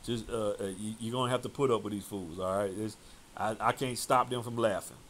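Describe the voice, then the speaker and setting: A man's voice: fairly low pitch, fairly even intonation, a little fast, fairly bright tone, slight background noise. A man preaching in a fiery, scolding way, commenting on a debate clip and reading scripture aloud.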